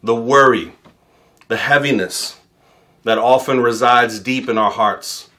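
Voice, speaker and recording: A man's voice: mid-range voice, a little slow, pushed and bright. A man from New York in his thirties, preaching a sermon and mixing in funny personal stories. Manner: storytelling with humor, quoting himself. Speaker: pastor.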